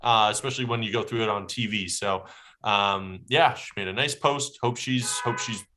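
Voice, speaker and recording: A young man hosting a casual chat podcast, quick and animated, leaning into quotes with put-on voices. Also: fairly low pitch. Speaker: podcast host.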